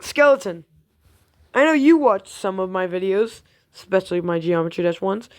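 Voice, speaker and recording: A young woman talks casually to her camera as a gaming YouTuber. She rambles, giggles and teases, and often lets a thought trail off before jumping to the next. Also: mid-range voice.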